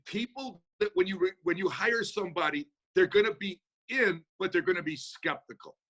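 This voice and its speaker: A man holding forth in a motivational Q&A, talking quickly in a folksy, energetic way. His voice sits a touch high and rings bright and forceful, coming through a video call. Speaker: speaker answering audience questions. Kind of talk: motivational Q&A talk.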